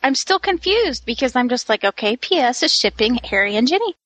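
A woman co-hosting a casual podcast, excitedly telling a story and acting out quotes. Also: high voice, brisk, dry recording. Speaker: podcast co-host.

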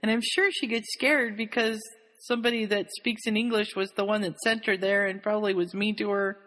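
A woman's voice: medium pitch, fairly even intonation, brisk, fairly bright tone. A woman host in casual chat, animatedly recapping a story, laughing often and slipping into quoted voices. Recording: long hall reverb.

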